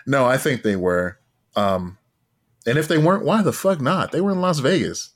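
A man's voice: mid-range voice, lively intonation. A man co-hosting a podcast, chatting casually in a wry, loose way, sometimes reading aloud and swearing for emphasis. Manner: wry, profane, drawn-out musing. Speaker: podcast co-host. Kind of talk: casual chat.

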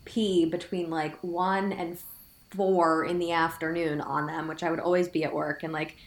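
A chatty woman in her thirties tells a personal story, peppering it with "like" and quoting what she said. Her voice sits fairly low, and the room around her gives it a noticeable echo. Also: flat delivery, normal speed. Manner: chatty, many "like" fillers, quotes herself. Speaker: guest sharing her story. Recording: roomy echo.

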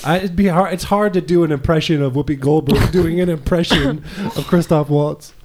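A man's voice: on the high side, fairly quick, a little mellow. A man in a casual group chat, hesitant and restarting, weighing choices aloud. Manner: hesitant, restarts, then laughs. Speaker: panelist.

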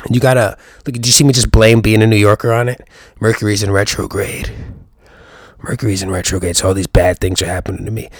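A man's voice: on the low side, little pitch movement, quick pace, no echo, studio quality. A young man hosting his own podcast, rambling through profane, jokey riffs full of rhetorical questions. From New York. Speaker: podcast host. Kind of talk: casual solo podcast monologue.

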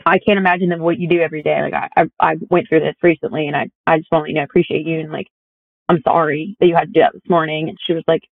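A woman's voice: sits low, little pitch movement, rapid-fire, creaky, dry recording. Casting: young woman guest, chatty and filler-heavy storyteller, thin phone-like sound, dry. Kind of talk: casual conversation. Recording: tinny phone-like audio.

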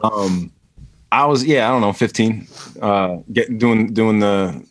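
Halting low-voiced guest, dry close mic. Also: male voice, dry recording. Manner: halting, full of ums and restarts. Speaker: podcast guest. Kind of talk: casual chat.

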